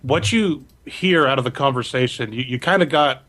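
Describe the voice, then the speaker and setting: A man's voice: medium pitch, normal speed, a bit bright. A man narrating a tabletop game as game master in a casual, loose way.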